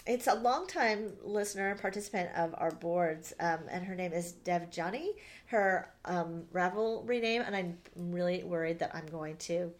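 A woman's voice: fairly low pitch, normal speed. A woman co-hosting a podcast, chatting casually and rambling with lots of ums and restarts. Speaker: podcast co-host. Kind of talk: casual chat.

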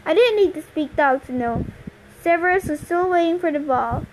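A woman's voice: very high-pitched, lively intonation, moderate pace. A woman reading a novel aloud, carefully and unhurriedly, with slips and rereads. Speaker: amateur reader. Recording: noisy home recording with clicks.

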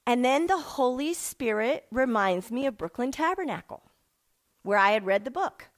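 A middle-aged woman telling her personal faith testimony in an emotional, animated way, acting out the people she quotes. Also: fairly high pitch, normal speed. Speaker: speaker sharing a personal testimony.

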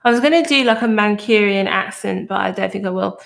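A woman hosting a true crime podcast, telling the story in a casual, animated way and swearing now and then. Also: medium pitch, brisk, creaky.

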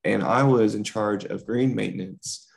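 A man's voice: on the low side, measured pace, gravelly. A young man co-hosting a podcast, casually telling a rambling workplace story with lots of fillers. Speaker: podcast co-host.

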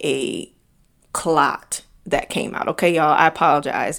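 A woman's voice: on the low side, vocal fry. A young woman hosting a podcast, sharing a personal story in an emotional, chatty way and calling listeners "y'all.". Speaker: podcast host.

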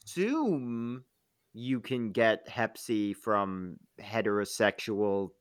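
A man's voice: fairly low pitch, expressive, slow pace, smooth, no echo. A man co-hosting a casual podcast chat, rambling and joking, often slipping into silly impressions. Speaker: podcast co-host. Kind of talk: casual chat about a TV show.

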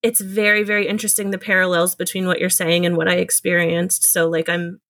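A woman's voice: fairly low pitch, flat delivery, fairly bright tone. Affirming woman podcast host. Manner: affirming, quick backchannels. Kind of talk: empathetic interview.

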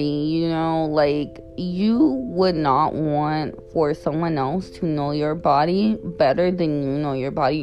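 A young woman speaks in a low, unhurried voice, offering candid and blunt advice in a casual chat. She leans on fillers like "um" and "you know". Faint music plays in the background. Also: darkish tone, lo-fi sound. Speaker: vlogger giving advice.

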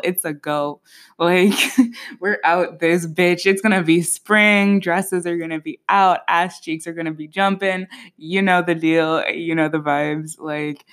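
A woman in her twenties hosting a podcast on her own, chatting casually in a playful, slangy way with plenty of fillers and laughs. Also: deep voice. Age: 20s. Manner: chatty and expressive, laughs often. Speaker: podcast host. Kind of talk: casual solo chat.

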